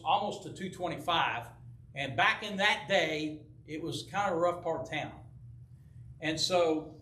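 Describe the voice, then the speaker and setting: A man's voice: on the high side, fairly bright tone, a little hiss or hum. An older man preaching a sermon and telling a folksy personal story, playing out the voices of the people in it. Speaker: pastor. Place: church sanctuary. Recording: echoey church from a distance.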